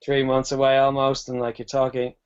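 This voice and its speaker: A man's voice: medium pitch, monotone, a little fast, smooth. Joking man on a podcast. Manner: joking, chatty, uses "like" a lot. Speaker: podcast co-host. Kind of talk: casual film chat. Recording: dull lo-fi podcast mic.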